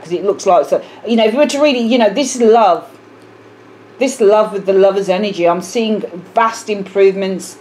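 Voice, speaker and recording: A woman's voice: mid-range voice, darkish tone, a little hiss or hum. A woman with a British accent giving a casual tarot reading to camera, musing aloud and often repeating herself with fillers. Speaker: tarot reader.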